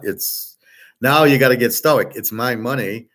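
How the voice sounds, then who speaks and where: A man's voice: lowish voice, fairly even intonation, a little slow, a bit bright. A middle-aged man talking in a blunt, profane, rambling way, full of fillers, as host of a casual monologue.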